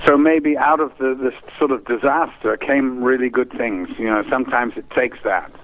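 A man's voice: medium pitch, normal speed. English man on a tinny phone line. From England. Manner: rambling, hesitant, warm storyteller. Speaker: guest performer. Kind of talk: casual radio interview.

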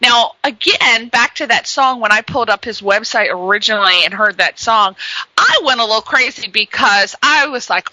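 A woman's voice: fairly high pitch, normal speed, pushed and bright, no echo, low-quality recording. A woman hosting a radio interview, chatty and gushing, full of exclamations. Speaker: radio show host.

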